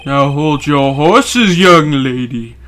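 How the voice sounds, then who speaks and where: A man's voice: on the high side, expressive, slow, fairly bright tone, slight background noise. A man voicing a meek older male judge, hesitant and deferential, in a game fan dub. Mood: dithering.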